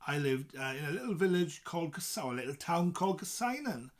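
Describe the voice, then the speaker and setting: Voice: medium pitch, big pitch swings, brisk. Chatty presenter with a South Welsh accent. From South Wales. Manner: chatty, reads points from a list with asides. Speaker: presenter explaining dialects. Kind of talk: casual spoken explainer.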